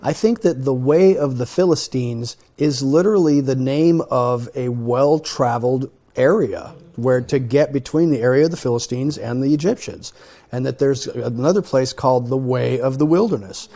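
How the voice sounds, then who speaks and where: A man's voice: mid-range voice, normal speed, dark tone. A man leading a conversational Torah study, talking earnestly and thinking aloud. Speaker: Bible study teacher.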